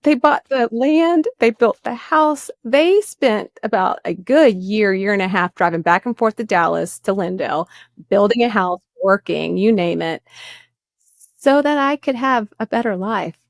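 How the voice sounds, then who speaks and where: A woman's voice: medium pitch, expressive, a little slow, no echo, clean studio sound. A woman, telling her own story earnestly as a guest in a faith interview. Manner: earnest storyteller, voice rising when moved. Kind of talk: personal testimony in a faith interview.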